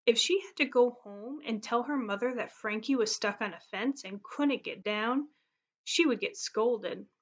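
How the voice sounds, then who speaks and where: A woman teacher reading a story aloud to her class, expressive and steady, on a muffled recording. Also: on the high side, a little slow.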